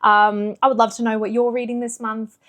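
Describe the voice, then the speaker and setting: A woman's voice: on the high side, fairly quick. Chatty woman book vlogger. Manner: chatty and animated, with fillers. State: slightly out of breath. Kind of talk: casual chat.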